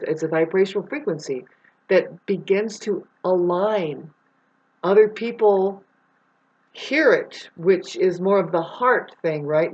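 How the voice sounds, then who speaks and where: A woman vlogging a rambling spiritual monologue, swearing freely and growing irate as she talks. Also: mid-range voice. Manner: profane, grows irate and loud. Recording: dull lo-fi recording.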